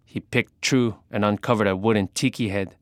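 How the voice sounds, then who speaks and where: A man narrating an adventure story in the first person, measured and dramatic. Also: fairly low pitch, fairly even intonation, no echo, studio quality.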